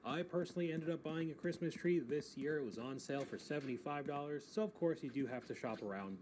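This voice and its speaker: A man's voice: mid-range voice, rough recording. Man with wry, incredulous commentary. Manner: wry, incredulous about prices. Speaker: streamer reacting to clips. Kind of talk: casual commentary over gameplay. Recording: loud background noise.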